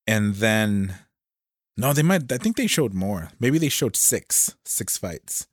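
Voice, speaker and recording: A man's voice: lowish voice, big pitch swings, slow, no echo, clean studio sound. A man co-hosting a podcast, trading teasing banter and laughing often. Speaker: podcast co-host. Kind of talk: casual banter.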